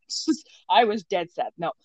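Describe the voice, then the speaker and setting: A young woman co-hosting a podcast tells her own story casually and candidly, swearing freely and acting out what people said. Her medium-pitched voice is very animated, unhurried and a little mellow, captured in a dull, dry lo-fi recording.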